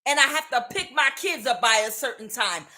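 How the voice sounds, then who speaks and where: A woman's voice: high voice, lively intonation, brisk, pushed and bright, pitched above the performer's own voice. A woman playing a fed-up, hardworking mother who insists she has no time to waste. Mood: indignant. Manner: indignant, emphatic.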